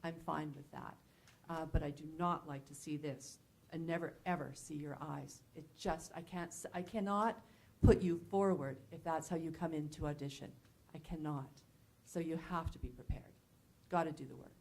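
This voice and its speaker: A woman who works in casting, giving measured and firm advice about how to audition. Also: deep voice, vocal fry, darkish tone. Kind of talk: candid advice talk.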